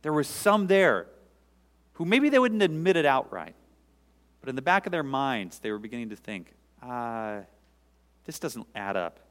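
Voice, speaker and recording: A male pastor preaching a sermon, swelling loud and high for emphasis, then dropping to quiet, intimate asides. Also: big pitch swings, normal speed. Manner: dynamic preaching, sudden rises in pitch and volume, dropping to quiet asides. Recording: long hall reverb.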